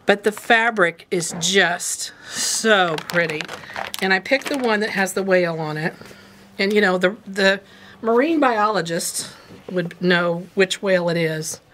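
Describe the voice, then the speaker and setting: A woman's voice: on the low side, a bit bright, a little hiss or hum. Chatty woman hosting a quilt shop video. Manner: chatty, rambling, playful asides. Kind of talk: casual product chat.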